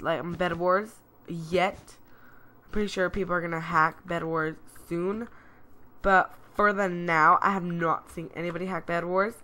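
A woman talks through her video game in a casual, excitable and self-deprecating way. Her voice is bright and edged, and she speaks at an unhurried pace. Keys click on a keyboard behind her. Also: lowish voice. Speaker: gameplay commentator.

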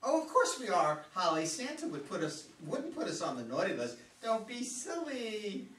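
A reader doing a cheeky scheming elf, swooping and bright. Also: medium pitch, sing-song, normal speed. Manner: bold, teasing, swooping delivery. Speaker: reader in a community reader's theater. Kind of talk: amateur read-aloud play. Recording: roomy hall, mic far off, faint noise.

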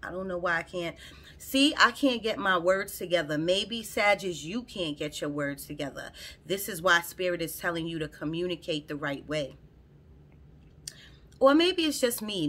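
Bright-voiced woman giving a chatty tarot reading. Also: medium pitch, lively intonation, moderate pace. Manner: chatty, rambling, repeats herself, addresses viewers directly. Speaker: tarot reader. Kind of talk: casual spoken tarot reading to camera. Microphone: phone.

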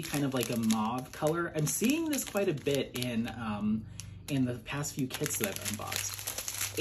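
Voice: mid-range voice, background noise. A hobby vlogger in a casual unboxing chat who gushes and rambles with many fillers and laughs, then reads out long runs of color numbers. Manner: chatty and gushing, with frequent fillers and laughs. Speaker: diamond painting hobby vlogger.

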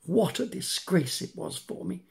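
A man's voice: on the high side, animated, unhurried, creaky, a little mellow, voice pushed up, full character voice. An older man voicing a cheeky, playful wooden puppet boy in a storybook reading, with a mischievous sing-song manner. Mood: storytelling.

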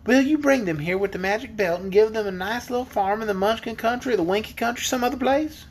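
A man's voice: sits high, quick pace, a little hiss or hum, voice pushed up, close to an everyday voice. A man reading a storybook aloud, voicing an earnest young farm girl who talks in plain homespun words. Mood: eager.

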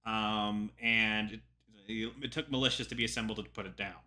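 A man's voice: fairly low pitch, fairly even intonation, moderate pace, noisy background. A young man, a historian, reacting to a history video in casual chatty commentary with lots of ums and joking asides.

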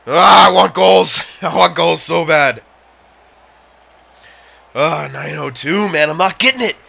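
A young man commentating his own hockey video game, frustrated, yelling at teammates and sighing. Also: on the high side, slow pace, creaky, husky. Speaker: gaming channel host. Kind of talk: live gameplay commentary.

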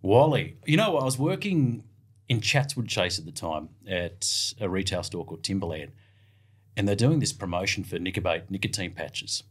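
A middle-aged Australian man who works as a radio sports broadcaster tells casual anecdotes as a guest, spinning lively yarns and acting out other people's voices. His voice is low-pitched and slightly rough, at a normal pace.

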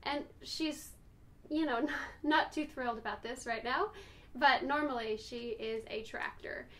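Chatty high-voiced woman talking about her dogs. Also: measured pace, a bit bright. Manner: chatty, affectionate, rambling, coos at her dogs. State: out of breath. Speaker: vlogger showing her dogs. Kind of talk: casual chat to camera.

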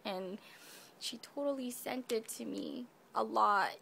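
Woman vlogger, slow-talking and gushing, slightly raised voice. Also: on the high side, creaky, bright, forceful tone, slight background noise. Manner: gushing, effusive, talks to viewers. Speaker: craft vlogger. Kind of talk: casual unboxing vlog.

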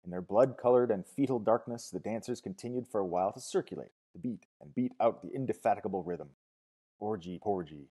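A man narrating a novel as an audiobook, expressive, dropping to hushed tones and rising to loud cries. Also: low voice. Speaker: audiobook reader.

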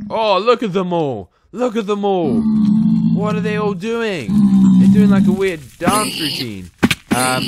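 A man's voice: medium pitch, fairly bright tone, slight background noise. A young man from England giving chatty Let's Play commentary, talking to the characters in the game and yelping when startled. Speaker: gaming YouTuber.

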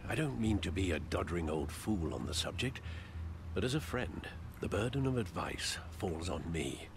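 Old game butler, deep and lively, measured and fatherly, under steady background noise. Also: creaky. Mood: concerned. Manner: measured, gentle, lecturing. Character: elderly male butler, fatherly and worried.

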